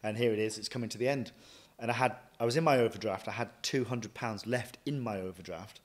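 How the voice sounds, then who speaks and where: A man, a chef and restaurant owner, telling stories from his career in a lively way, often acting out what he thought and said. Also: lowish voice, fast talker. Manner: lively anecdotal, quotes himself often. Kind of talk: casual interview storytelling.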